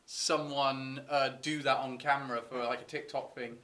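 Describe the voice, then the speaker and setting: A man's voice: medium pitch, level tone, moderate pace, bright, forceful tone, slight background noise. A man hosting a podcast in casual chat, hesitant, with many fillers and restarts. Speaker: podcast host.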